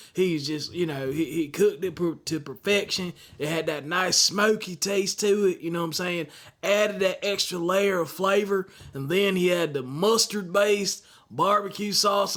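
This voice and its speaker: A man voicing a drawling guy who raves about barbecue, in a slow, loud, exaggerated put-on accent as a comic bit on a podcast. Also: high voice, voice pushed up.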